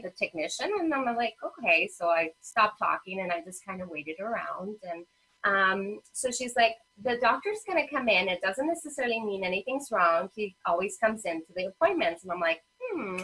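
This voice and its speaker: A woman's voice: mid-range voice, lively intonation, normal speed, sharp tone, breathy edge, low-quality recording. A woman in her thirties, a parent advocate, telling a personal family story in a casual interview, full of fillers and acted-out quotes. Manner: emotional storytelling with many fillers. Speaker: guest, parent advocate and children's author.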